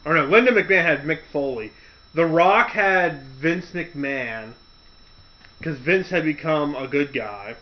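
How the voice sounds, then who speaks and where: A man's voice: a little high, animated, measured pace. Rambling man ranting in lo-fi audio. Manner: rambling, loose storytelling with restarts and loud shouted impressions. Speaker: podcast host. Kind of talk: casual rant. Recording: dull lo-fi audio.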